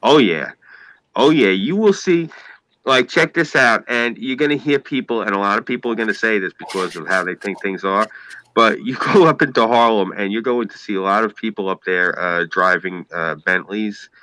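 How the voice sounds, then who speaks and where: A man's voice: fairly low pitch, moderate pace, sharp tone, no room sound, poor audio. A man with a New York accent in casual podcast chat, rambling and emphatic, swearing freely and using "like" a lot. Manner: rambling, emphatic, profane, heavy use of "like".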